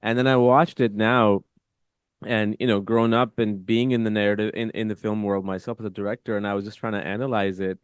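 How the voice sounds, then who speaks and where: A man's voice: on the low side, steady tone, brisk, smooth, dry recording, clean studio sound. A man in his thirties hosting an interview, reflective and thinking aloud with many fillers. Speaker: podcast host, film director. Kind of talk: casual interview chat.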